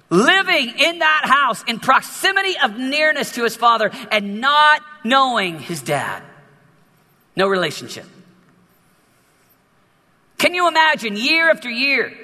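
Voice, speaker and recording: A man preaching a sermon as a youth pastor in an emphatic, animated way, with many repetitions. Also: very high voice, big-room sound.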